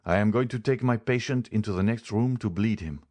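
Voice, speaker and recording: A man voicing a grave male doctor in a storybook, speaking in a measured, solemn way. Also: fairly low pitch, a little mellow, pitched above the performer's own voice, natural voice.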